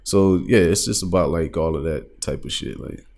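A man's voice: low-pitched, moderate pace, gravelly, darkish tone. A man co-hosting a casual chat, laid-back, often asking "you know what I'm saying".

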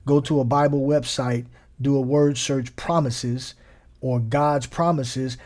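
Male preacher, mellow tone, casual sermon with repeated reassurances. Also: medium pitch, fairly even intonation, normal speed. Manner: conversational, repetitive encouragement. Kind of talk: informal sermon teaching.

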